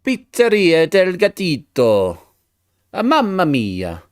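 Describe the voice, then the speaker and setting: A cheerful stereotyped Italian man, as a streamer puts him on, gushes about pizza in an exaggerated mock Italian accent. The voice rides a little higher than usual and swings with lively, sing-song melody, crisp and smooth in tone. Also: slow, no echo, clean studio sound, heavily acted. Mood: jolly.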